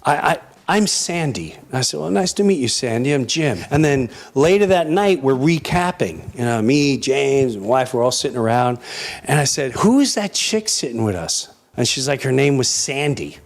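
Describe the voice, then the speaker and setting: A man's voice: mid-range voice, normal speed. A man, a comedian, tells an anecdote on a talk show and acts out the people in it. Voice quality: animated, acts out the people in his story.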